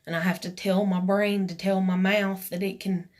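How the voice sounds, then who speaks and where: A woman's voice: mid-range voice, level tone, moderate pace. A woman, telling a personal story to camera in a rambling, emotional way with many fillers. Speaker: vlogger.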